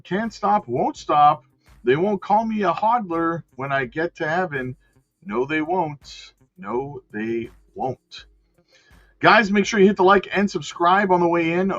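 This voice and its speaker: A man hosts a live crypto stream with loud, slangy energy, calling out viewers by name. His voice sits a little high, and the sound is dry and slightly dull. Soft music plays underneath. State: out of breath. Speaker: crypto livestream host. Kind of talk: casual live-stream chat.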